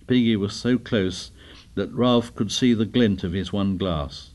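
Low-voiced male narrator, measured. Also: darkish tone. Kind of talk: scripted narration.

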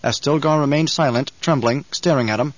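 A man reading an audiobook in measured, even scripted narration, on a dull lo-fi recording. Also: medium pitch, no room sound.

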